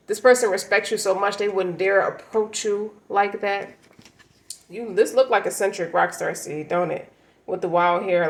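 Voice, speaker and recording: A woman's voice: medium pitch, echoey room, poor audio. A woman giving a casual tarot reading, talking in a blunt, slangy, emphatic way. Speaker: tarot reader.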